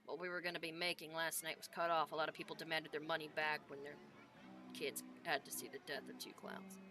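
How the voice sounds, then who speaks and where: A woman's voice: sits low, little pitch movement, fairly quick, over music, natural voice. A woman voicing a burly half-orc baker father who frets and explains about his sugar. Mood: worried. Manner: fretful, explaining.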